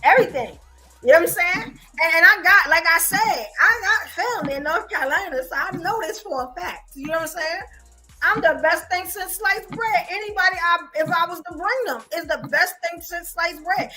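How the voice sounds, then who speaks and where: High, bright New woman. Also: normal speed, faint music behind, poor audio. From New York. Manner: animated, emphatic, repeats herself. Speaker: podcast co-host. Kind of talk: casual chat.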